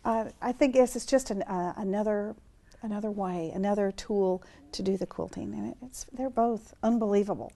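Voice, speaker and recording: An American woman hosts a relaxed interview, her voice dark and mellow at a middling pitch. She keeps her guest going with steady murmurs of agreement and brief, admiring remarks. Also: normal speed, creaky. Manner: supportive, affirming with frequent backchannels. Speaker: interviewer host.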